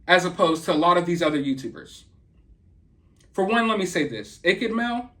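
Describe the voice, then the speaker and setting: A man's voice: sits high, a bit bright. A man with a Southern US accent from the American South, delivering a heated, confrontational commentary rant to viewers. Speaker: YouTube commentator.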